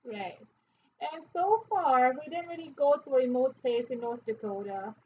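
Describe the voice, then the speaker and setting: A woman co-hosts a relaxed viewer-question chat, mostly answering in short, agreeable bits and only sometimes in longer thoughts. Her voice is high. The sound is dull and lo-fi, with a faint hiss. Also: normal speed. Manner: brief, agreeable interjections. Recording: muffled low-fidelity audio with faint background hiss.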